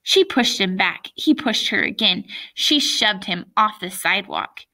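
A woman reading a children's book aloud, with lively, chatty asides to young listeners. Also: medium pitch, a little slow. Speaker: reader.

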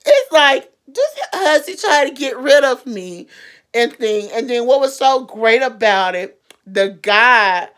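A woman's voice: a little high, takes it slowly. A woman vlogger giving a casual, rambling movie recap with lots of fillers. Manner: rambling, animated retelling with many fillers.

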